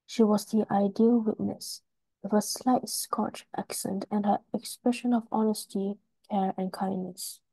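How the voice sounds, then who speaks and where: A woman reading a story text aloud in class, steady and even. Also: mid-range voice, measured pace, gravelly, breathy edge, no echo, poor audio.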